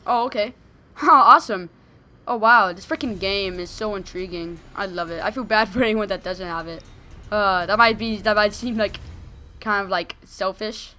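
A young woman giving excited gameplay commentary, gushing and shouting during fights. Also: medium pitch, moderate pace. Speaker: gaming video host.

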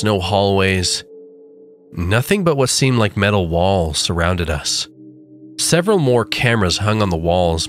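A man with a low voice reads a horror tale, letting his pitch rise and fall dramatically. Soft music sits beneath the narration. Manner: measured, dramatic storytelling. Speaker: creepypasta narrator. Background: faint background music.

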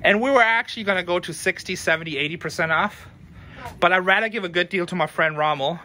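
A man's voice: high voice, fast, pushed and bright, slight background noise. A tired man who runs a thrift store, talking casually to his viewers with rambling, frank advice. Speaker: thrift store owner and vlogger. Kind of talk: casual talk to camera.

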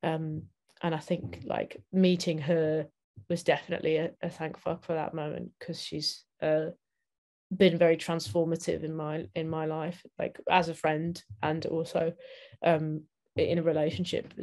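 A woman in her thirties talks casually as an interview guest, her voice sitting a little low. She hedges and fills gaps with ums, mocking her own answers as she goes. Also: little pitch movement, measured pace, darkish tone. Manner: hesitant, self-deprecating, many fillers. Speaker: comedian and podcaster, interview guest.

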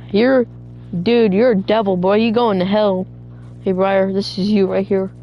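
A woman trash-talking her way through a co-op zombie game, barking orders and swearing freely. She speaks at an unhurried, drawn-out pace. The audio is dull and lo-fi, with faint music underneath. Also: medium pitch. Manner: bossy, profane trash talk. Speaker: gamer playing co-op zombies. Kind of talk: casual gameplay chat.

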